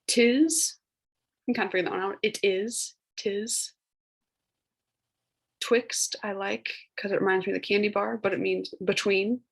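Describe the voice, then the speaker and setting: A young woman teacher talks her class through a recorded lesson in a loose, chatty way, saying "like" a lot. Her middle-pitched voice is husky and slightly breathy, her tone steady and unhurried with long pauses, and the audio is poor. Now and then she puts on playful, mock-fancy voices for old phrases.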